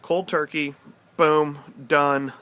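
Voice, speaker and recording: A young man vlogging outdoors in the cold, telling a story in a loose, excitable, rambling way with casual swearing. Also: a little high, takes it slowly, clear, resonant tone. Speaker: pipe-smoking vlogger. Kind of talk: casual vlog chat.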